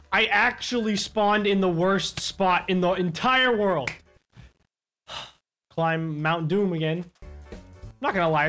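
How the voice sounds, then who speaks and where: A young man commentating a video game let's play in an excitable voice, jumping between loud outbursts and low mutters and complaining in a joking way. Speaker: gaming YouTuber.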